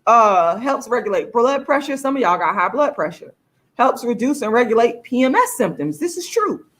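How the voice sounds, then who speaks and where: A woman's voice: fairly high pitch, big pitch swings, moderate pace, a bit bright. A woman, talking casually and emphatically to her viewers in a livestream vlog. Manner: chatty, emphatic, addresses viewers as y'all. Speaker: vlogger.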